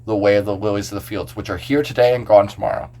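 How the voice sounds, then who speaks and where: Relaxed man, pastor on a podcast. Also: lowish voice, fast talker. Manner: relaxed, explains scripture verse by verse with filler "like". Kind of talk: casual podcast discussion.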